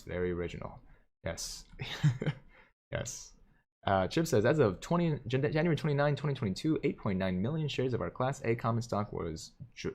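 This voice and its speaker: A man hosting a live stream, casually reading viewer comments aloud and joking, with frequent chuckles. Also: medium pitch. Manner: jokey, chuckles often between comments. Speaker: livestream host.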